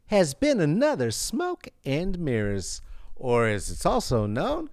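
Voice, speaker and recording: A man signs off his podcast in a rambling, joking way, swearing freely. His fairly high voice swings about animatedly. The sound is close and dry. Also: wildly swooping pitch, a little slow, darkish tone, no room sound. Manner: rambling, jokey, swears often. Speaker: podcast host. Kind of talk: comedic podcast sign-off.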